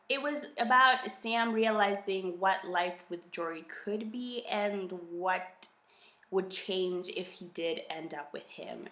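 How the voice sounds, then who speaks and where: A woman's voice: medium pitch, fairly bright tone. Chatty woman gushing about a book. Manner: gushing, chatty, lots of "like" fillers. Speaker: book reviewer. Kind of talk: casual book review vlog. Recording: roomy echo.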